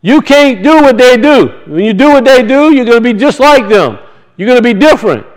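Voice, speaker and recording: A man's voice: extremely high pitch, lively intonation, fairly quick, poor audio. A man preaching a sermon, teaching from scripture and emphatically asking and answering his own questions.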